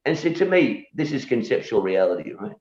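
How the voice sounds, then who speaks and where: Very animated and a little fast, this man speaks in a mid-range, darkish voice. He's a musician guest in casual conversation who challenges beliefs and presses his argument, repeating words and asking "you know?" over and over. The sound is echoey and dull lo-fi.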